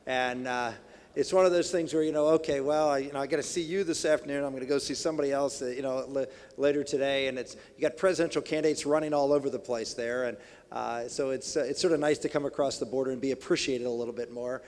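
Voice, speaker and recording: A man's voice: mid-range voice, steady tone, fast, a little mellow. A middle-aged man giving a folksy political speech at a banquet, rambling with many restarts and fillers. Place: banquet hall. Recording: reverberant banquet hall.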